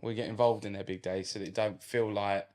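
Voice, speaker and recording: Relaxed podcast host with a low voice, blunt and jokey in casual talk. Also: male voice, fairly quick. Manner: laid-back, blunt, jokey.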